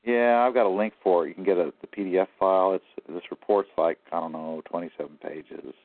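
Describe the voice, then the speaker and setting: A man's voice: low voice, fairly even intonation, brisk, no room sound. A man as an interview guest, telling his story in a rambling, aggrieved way. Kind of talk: phone-in interview. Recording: tinny phone line.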